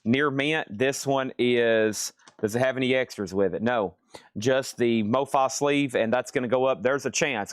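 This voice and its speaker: A man keeps up easy auction patter from a record store, calling out items and prices while cracking jokes. His voice sits at a middle pitch for a man. The sound is dry and close, with no room around it. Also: normal speed, smooth, no room sound. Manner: chatty and joking, rambling between prices. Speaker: live-stream vinyl record seller. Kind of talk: live auction sales patter.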